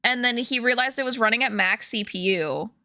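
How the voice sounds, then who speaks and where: Bright-voiced young woman chatting on stream. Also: on the high side, brisk, dry recording, clean studio sound. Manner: chatty, rambling storytelling with many fillers and laughs. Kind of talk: casual chat to stream viewers. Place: home room.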